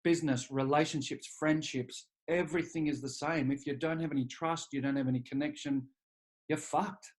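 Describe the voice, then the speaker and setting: A man's voice: a little high, normal speed. A man, a leadership coach speaking as an interview guest, telling candid personal stories in a blunt, profane way. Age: 40s. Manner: blunt and profane, animated when quoting himself. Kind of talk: candid conversational storytelling.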